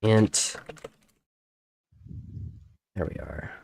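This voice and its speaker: A man streaming while he writes code, thinking aloud in a halting, self-correcting way. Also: a little mellow, a little hiss or hum. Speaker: game developer streamer. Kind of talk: casual live coding chat.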